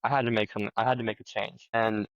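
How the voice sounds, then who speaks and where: A teenage boy from Minnesota answering interview questions in a relaxed way, with lots of fillers like "like" and "um". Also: fairly low pitch, quick pace, no room sound, muffled recording. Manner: relaxed, filler-heavy, says "like" a lot. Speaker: guest.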